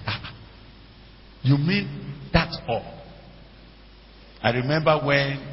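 A man's voice: mid-range voice, a little hiss or hum. A middle-aged man, preaching a sermon as pastor and putting questions to the congregation. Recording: dull lo-fi church hall with long reverb.

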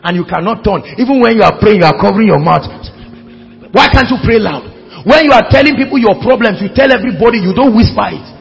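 A man preaching a sermon, swinging between hushed words and shouting. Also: high-pitched, lively intonation, fast talker, vocal fry. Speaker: pastor. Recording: hall reverb with faint music.

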